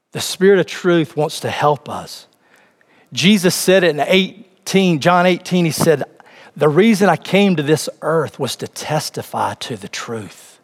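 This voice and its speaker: Male pastor, slightly high voice, emphatic preaching, long hall echo. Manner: preaching with rising emphasis, addressing the congregation directly. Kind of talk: sermon.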